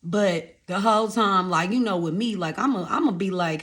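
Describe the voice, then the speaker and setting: A young woman, casually telling her life story to her viewers, animated and repeating phrases for emphasis. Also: medium pitch, a little fast, few pauses.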